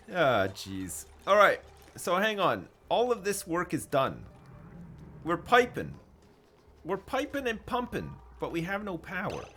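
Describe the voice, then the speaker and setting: Animated, sweary male game streamer. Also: medium pitch, a little hiss or hum. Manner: casual, sweary, chatty with chat. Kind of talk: live commentary over gameplay.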